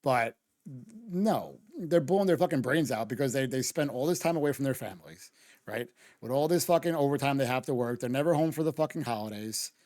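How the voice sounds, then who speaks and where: A man's voice: mid-range voice, lively intonation, a little fast, darkish tone, no room sound. A man streaming his reaction to a video, ranting casually and heatedly with lots of swearing and restarts, on a close microphone. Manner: profane, heated, argumentative, many restarts.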